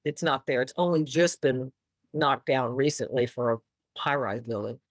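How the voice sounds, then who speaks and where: A woman's voice: extremely low pitch, normal speed, no echo. A woman from Austin with a Texan accent, a musician guest telling stories in a casual interview and acting out quotes. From Austin, Texas. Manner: animated storyteller who acts out quotes and laughs often.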